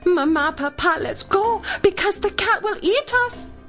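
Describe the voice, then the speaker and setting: A woman voicing two tiny young mouse siblings, squeaky, breathless and fast. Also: lively intonation, fairly bright tone, soft background music, exaggerated voice. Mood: panicked.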